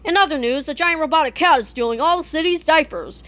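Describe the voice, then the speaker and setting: A woman reading a children's comic book aloud in an animated way, speaking the sound effects too. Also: high voice, quick pace. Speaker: read-aloud narrator.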